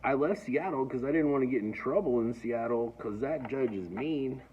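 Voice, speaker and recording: A man's voice: mid-range voice, normal speed, a little hiss or hum. A man telling a personal story in a casual, rambling way, often stammering and restarting. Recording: dull lo-fi recording.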